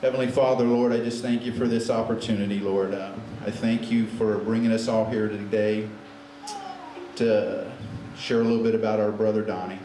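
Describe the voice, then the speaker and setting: A man's voice: on the low side, level tone, normal speed. A man hosting a memorial gathering, leading an informal prayer and introducing speakers, with many fillers and restarts. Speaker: memorial service emcee. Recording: echoey room with faint noise.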